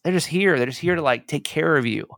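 A man's voice: a little high, fast talker, gravelly, fairly bright tone, dry recording, clean studio sound. A man hosting a podcast, telling a rambling, emotional story in casual chat. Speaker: podcast host.

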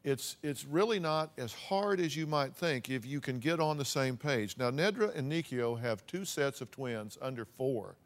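A man's voice: mid-range voice, lively intonation, normal speed, few pauses. Earnest male talk show host. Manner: earnest, repeats words when starting.

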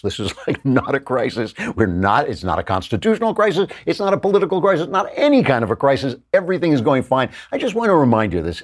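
A male host giving sarcastic political commentary, reading quotes aloud and mocking them as he goes. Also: mid-range voice. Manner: reads quotes aloud and interjects.

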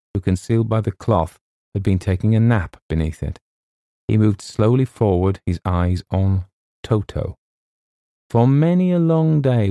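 A man reading a comic story aloud in a measured, wry narration. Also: sits low, creaky, dark tone, dry recording, clean studio sound. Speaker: audiobook narrator. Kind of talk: scripted narration.

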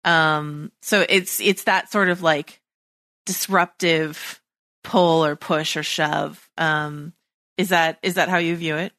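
A woman's voice: sits low, steady tone, slow, bright, forceful tone, dry recording. A woman hosting a podcast, talking eagerly and chattily with many fillers. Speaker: podcast host. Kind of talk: casual podcast interview.

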